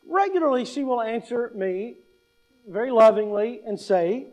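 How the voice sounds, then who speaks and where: A man's voice: extremely high pitch, animated, normal speed, a little mellow, dull audio. A male pastor preaching conversationally, posing questions to the congregation and telling humorous everyday stories. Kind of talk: sermon.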